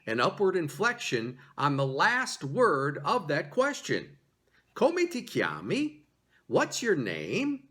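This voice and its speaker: A man teaching a video language lesson, leading repeat-after-me drills with an animated, encouraging manner and exaggerated intonation. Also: fairly high pitch.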